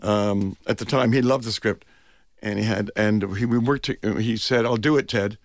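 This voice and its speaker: An older man, a film director, is a radio guest telling rambling, animated stories full of restarts, into a close studio mic. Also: on the low side, normal speed, no room sound. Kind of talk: anecdotal storytelling interview.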